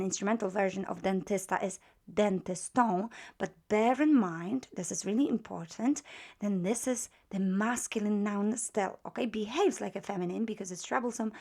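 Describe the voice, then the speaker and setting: Slow-talking woman teaching a grammar lesson. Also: medium pitch, darkish tone. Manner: slow, patient, repeats words to drill them. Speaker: language teacher.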